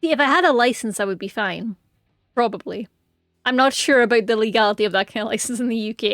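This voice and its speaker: A woman's voice: fairly high pitch, fast talker, a bit bright, dry recording, studio quality. Giggly woman streamer. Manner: giggly, rambling, playful. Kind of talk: casual gaming stream chat.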